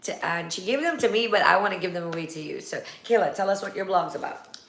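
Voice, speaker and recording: A talkative woman hosts a casual live chat, her voice sitting a touch low. She rambles from point to point with quick laughs, and the room around her rings with echo. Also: a bit bright. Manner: chatty, rambling, laughs easily. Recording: echoey room.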